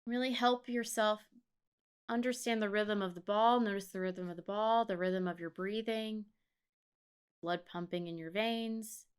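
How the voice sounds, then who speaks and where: A woman co-hosting a podcast who chats casually and talks slowly and soothingly as she leads a guided meditation. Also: mid-range voice, steady tone, clear, resonant tone. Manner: slow, measured, soothing delivery. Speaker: podcast co-host.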